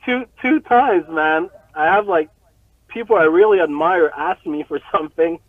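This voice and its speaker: A man casually telling a long story, animated and profane, often laughing as he talks. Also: a little high, normal speed, no room sound, phone-quality sound.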